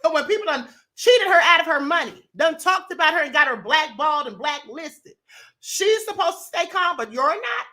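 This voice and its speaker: A woman's voice: high voice, bright, forceful tone. A woman from Kentucky, hosting a livestream and reading viewer comments in sassy, emphatic casual commentary, often saying honey and beloved. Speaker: livestream host.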